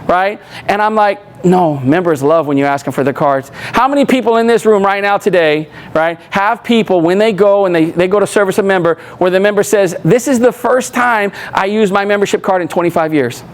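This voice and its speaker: A man's voice: high-pitched, smooth. A man giving a workshop talk to roadside service staff, telling stories and acting out what people said, often asking "right?". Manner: animated, acts out quoted voices, asks "right?" often. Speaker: workshop trainer. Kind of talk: storytelling training talk.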